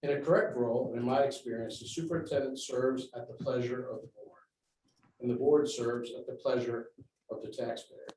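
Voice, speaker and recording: A man giving a measured public comment at a school board meeting, laying out facts and figures. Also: mid-range voice, steady tone, warm tone. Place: large meeting room. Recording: very echoey room, distant mic, faint noise.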